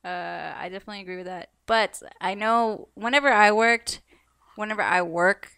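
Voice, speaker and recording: A woman's voice: mid-range voice, normal speed, gravelly, pushed and bright, clean tone. A woman chatting casually as a podcast guest, laughing easily and poking fun at herself. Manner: laughing, self-mocking. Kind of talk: casual chat.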